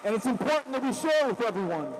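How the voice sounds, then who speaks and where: A man with a fairly high voice delivers a political rally speech into a stage microphone. He mixes sarcasm with rising, impassioned emphasis. His voice trails into the long reverb of a large venue. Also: very animated, fast, slight background noise. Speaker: rally speaker.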